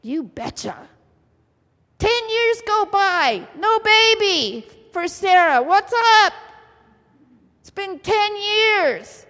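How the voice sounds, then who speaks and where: A woman preaching a sermon in a church, telling the story with lively, theatrical flair. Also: extremely high pitch, drawn-out words. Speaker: pastor's wife preaching. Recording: church hall reverb.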